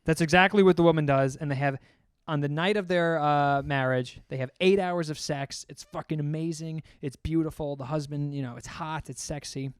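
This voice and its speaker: A man's voice: on the high side, steady tone, normal speed, hardly any pauses, clear, resonant tone, dry recording, studio quality. A young man co-hosting a casual podcast, telling crude jokes with lots of swearing and laughing at his own punchlines. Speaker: podcast co-host. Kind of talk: casual joke-telling chat.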